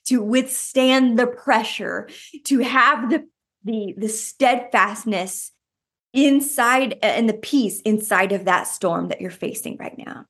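A woman giving passionate devotional preaching, animated and fervent, breaking into laughter at times. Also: on the high side, slow. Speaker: devotional author and speaker.

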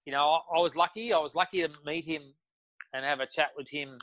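Bright, rambling Aussie bloke. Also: male voice, on the high side, fairly even intonation, brisk, slight background noise, rough recording. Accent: Australian. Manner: rambling with many restarts and fillers. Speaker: guest. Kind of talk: casual storytelling.

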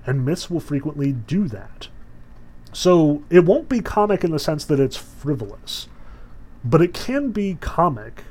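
A man's voice: mid-range voice, a little mellow, a little hiss or hum. A man giving a casual lecture to a class, rambling with many fillers.

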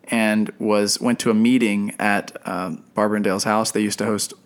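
A man's voice: fairly low pitch, moderate pace. A young man, a podcast co-host, telling a personal story in casual chat and acting out the people he quotes. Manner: animated, acts out quoted people.

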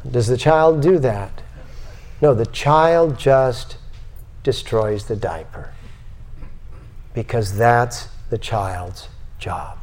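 A man's voice: mid-range voice, very slow, pauses often, darkish tone. A man giving a spiritual lecture to a live audience, asking many rhetorical questions.

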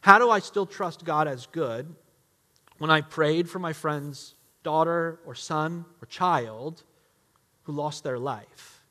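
A man preaching a sermon as a pastor, emphatic, swinging between loud outbursts and hushed, quiet lines. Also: fairly high pitch, slow pace. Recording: long reverb of a large hall.

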